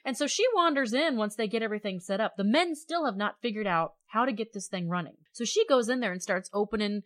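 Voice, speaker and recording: Animated woman retelling a story. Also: mid-range voice, fast. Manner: animated storytelling, acting out quoted voices. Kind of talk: casual chat reviewing a film.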